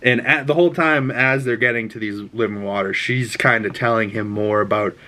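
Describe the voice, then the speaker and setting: A young man talks through an episode recap in a loose, unscripted way, full of fillers and restarts. His voice sits at an ordinary middle pitch, and he swears freely and lets his excitement show. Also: brisk. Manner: rambling, swears freely, gets openly excited.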